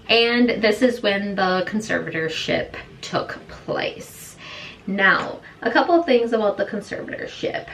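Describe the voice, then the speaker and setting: A woman's voice: medium pitch, measured pace, vocal fry, a bit bright. A young woman chatting casually while doing her makeup, retelling a story and acting out the quoted lines. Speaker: beauty vlogger. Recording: slightly distant with faint room noise.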